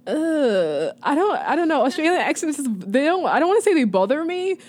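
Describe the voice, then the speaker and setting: A woman's voice: sits high, sing-song, a little fast, darkish tone. Giggly young New Zealand woman. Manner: easygoing, giggly. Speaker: guest. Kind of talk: casual interview chat.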